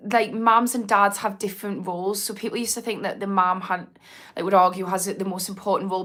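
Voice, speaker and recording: A young woman from Newcastle, England, speaks with a Geordie accent in a mid-range, slightly bright voice. During a casual livestream chat she rambles, laughs and reads out what viewers have commented.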